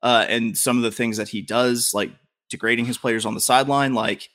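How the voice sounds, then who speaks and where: A man's voice: medium pitch, fairly even intonation, fairly quick, fairly bright tone. Profane Southern man ranting about sports. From Southern US (Louisiana). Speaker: podcast host. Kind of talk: casual sports chat.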